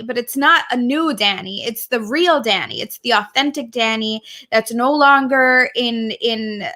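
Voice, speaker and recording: A woman's voice: fairly high pitch, normal speed, hardly any pauses. A woman co-hosting a podcast, chatting in a heartfelt, gushing way and laughing easily. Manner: warm, gushing, laughs often. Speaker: podcast co-host. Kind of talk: casual heartfelt chat.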